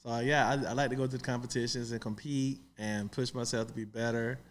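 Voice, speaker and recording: A man talks in an easygoing podcast chat, his pitch sitting in an ordinary middle range. He drifts through his thoughts and trails off with small fillers. The delivery stays unhurried and conversational. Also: level tone. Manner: easygoing, trailing off with "you know". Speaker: pitmaster and restaurant owner.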